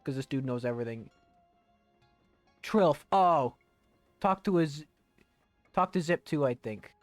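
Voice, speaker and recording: A man's voice: on the high side, expressive, measured pace, dry recording, soft background music. A young man chatting loosely while playing a video game on stream, joking and rambling. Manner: rambling and jokey, breaking into silly voices. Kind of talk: casual let's-play commentary.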